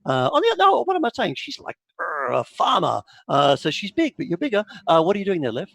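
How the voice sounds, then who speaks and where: A man's voice: high voice, fast talker, vocal fry, no room sound. A man narrating as game master of a tabletop horror game, with lots of uh and like. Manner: animated storyteller, with many fillers.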